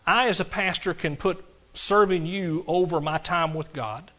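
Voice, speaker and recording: Folksy preacher, a bit muffled. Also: male voice, high voice, normal speed. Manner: folksy, animated preaching with laughs and asides to the congregation. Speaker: pastor. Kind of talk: sermon.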